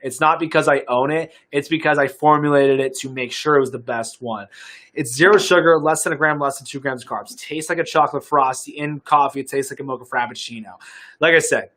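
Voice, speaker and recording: A young adult man, a fitness coach from the United States, chatting casually and upbeat on a live stream, rambling with fillers and restarts while pitching a product. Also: fairly quick, a bit bright.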